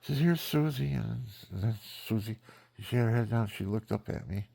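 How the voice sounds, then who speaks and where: A man's voice: fairly low pitch, fairly even intonation, a little fast, vocal fry, dark tone, breathy edge. A man in his seventies telling rambling, frank family stories in a meandering, chuckling way. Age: 70s. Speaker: vlogger. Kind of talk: rambling personal storytelling.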